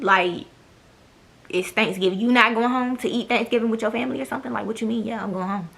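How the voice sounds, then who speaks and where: A woman's voice: fairly high pitch, fast, creaky, a bit bright. A young woman, telling a blunt, profane storytime to her camera. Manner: blunt, profane, sassy, mimics others. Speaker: vlogger. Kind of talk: casual storytime monologue.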